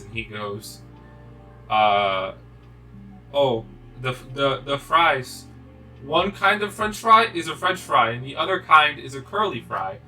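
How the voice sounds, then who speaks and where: Bright-voiced young man telling a rambling story. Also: medium pitch, far from the mic, low-quality recording. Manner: rambling storyteller, swears, many restarts. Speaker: gaming video co-host. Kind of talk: casual chat while playing.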